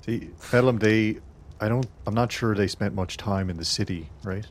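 A man's voice: lowish voice, normal speed, slight background noise. A man playing a tabletop game in character, easygoing and chatty. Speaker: player.

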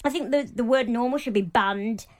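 A young woman talking openly as an interview guest, chatty and animated, with lots of fillers. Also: fairly high pitch, normal speed. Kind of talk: casual interview talk.

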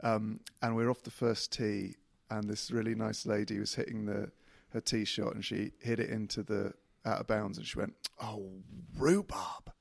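A man's voice: fairly low pitch, flat delivery, normal speed, creaky, hardly any pauses, no room sound. A man guesting on a golf podcast, telling stories casually with self-mocking humour. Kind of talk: casual chat.

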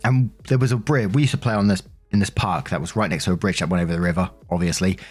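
A man's voice: low voice, fairly even intonation, fast, darkish tone, husky, faint music behind. A man reading a funny post aloud and adding casual commentary, amused and laughing along. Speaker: storyteller reading a Reddit post.

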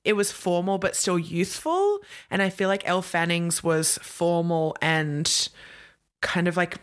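A woman's voice: lowish voice, expressive, unhurried. A woman co-hosting a podcast, talking casually and enthusiastically about pop culture with lots of likes and ums. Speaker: podcast co-host. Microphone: remote call-in mic.

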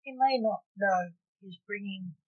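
A woman reading the part of a calm male timekeeper, lord of time, in slow, evenly read lines. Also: medium pitch, close to an everyday voice. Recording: dull lo-fi recording.

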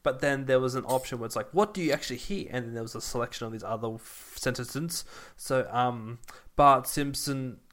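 A man's voice: mid-range voice, fairly quick, hardly any pauses, a bit bright. A man co-hosting a podcast in casual chat, rambling through anecdotes and singing snippets of chants. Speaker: podcast co-host.

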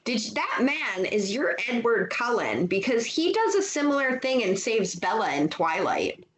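A woman co-hosting a podcast from home, chatty and quick to react, with some swearing. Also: fairly high pitch, sing-song, low-quality recording. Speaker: podcast co-host. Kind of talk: casual chat. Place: home with cats. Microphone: handheld mic.

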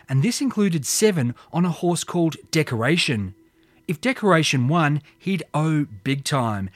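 Aussie guy narrating old true crime story, dramatic reading, bit higher voice, soft music behind. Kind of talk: scripted history narration. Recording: faint music underneath.

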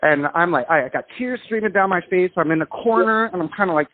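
A man from England, a singer and dancer, telling a story over the phone in an animated, self-deprecating way with frequent restarts. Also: sits high, brisk, a little hiss or hum. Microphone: telephone. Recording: tinny phone line.

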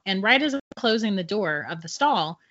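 A middle-aged woman, a podcast guest, telling a personal ghost story in an animated way and laughing often between sentences. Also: medium pitch, moderate pace. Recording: dull lo-fi audio.

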